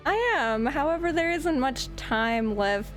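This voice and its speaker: A woman's voice: high voice, expressive, a little slow, a bit bright, faint music behind. A woman voicing a sly, playful young female courier who talks in a coy, teasing way. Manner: teasing, coy, winks and pouts.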